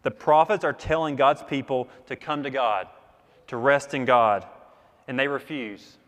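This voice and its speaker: A male pastor preaching with earnest emphasis, his voice carrying a long reverb like a big hall. His pitch is mid-range, and he leans on repeated phrases to press his point home. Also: steady tone, a little slow, a bit bright. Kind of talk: sermon.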